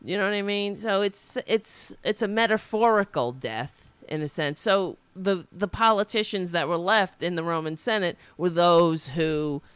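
A woman's voice: lowish voice, unhurried, hardly any pauses, a bit bright, smooth, no echo. A woman hosting a casual political livestream, talking in a rambling, indignant way with frequent restarts. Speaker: livestream host.

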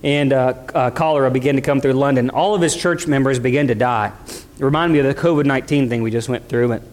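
A man preaching a sermon with passion, moving from hushed low passages to rising emphatic peaks, with casual conversational asides. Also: fairly even intonation, fast talker. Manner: impassioned, swings between quiet lows and rising emphatic peaks.

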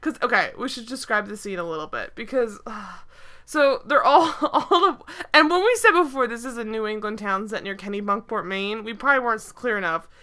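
A young woman co-hosting a podcast, recapping a TV episode in casual chat, animated and exasperated, laughing often with lots of fillers. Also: on the high side, a little fast. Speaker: podcast co-host.

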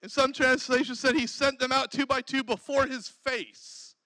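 A man preaching a lively sermon, laughing often and breaking into exclamations of praise. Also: very high-pitched, moderate pace, no room sound, low-quality recording.

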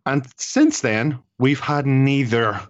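A man's voice: medium pitch, slow, dull audio. A man co-hosting a podcast in casual chat, with sardonic, exasperated rants. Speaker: podcast co-host.

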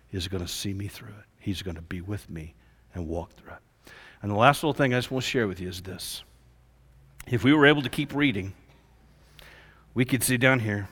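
A man preaching a sermon, telling stories in an animated, casual way. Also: lowish voice. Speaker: pastor. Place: church hall. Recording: reverberant church hall.

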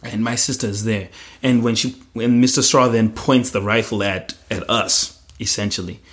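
Low-voiced man telling a vivid story. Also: fairly even intonation, normal speed. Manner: vivid, present-tense retelling with fillers. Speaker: guest. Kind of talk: personal storytelling in conversation.

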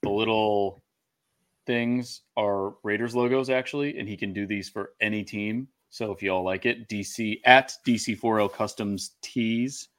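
A man hosts a casual football podcast and chats with his co-host. He keeps the talk loose and cuts in with quick, teasing jabs. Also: fairly low pitch, fairly even intonation, a bit bright. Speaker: podcast host, Raiders fan. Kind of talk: casual sports podcast chat.

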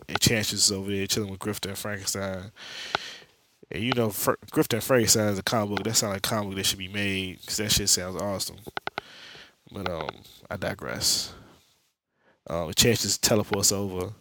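A man's voice: lowish voice, steady tone, normal speed, noisy background. A young man hosting a podcast, recapping a comic book story in streetwise slang with jokes and lots of profanity. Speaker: podcast host.

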